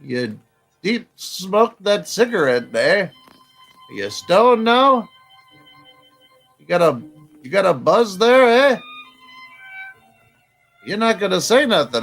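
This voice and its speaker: A man's voice: sits high, big pitch swings, takes it slowly, pauses often, fairly bright tone, faint music behind. A male host mocking a clip with teasing, ribbing banter. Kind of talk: mocking commentary over a clip.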